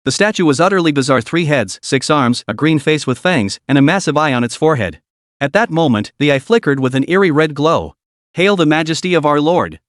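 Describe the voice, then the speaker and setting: A man narrating a scripted story recap in a dramatic, fast-moving way. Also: on the high side, expressive, no room sound, studio quality.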